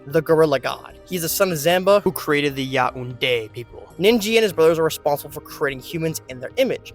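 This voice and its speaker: A man's voice: a little high, fairly bright tone. A man hosting a casual, jokey video essay and narrating with informal asides.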